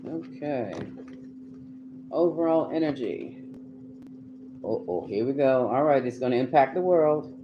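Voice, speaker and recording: A man's voice: mid-range voice, lively intonation, unhurried, long pauses, lo-fi sound, noisy background. A man doing a live tarot reading, chatty and emphatic, talking straight to his viewers. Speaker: tarot reader.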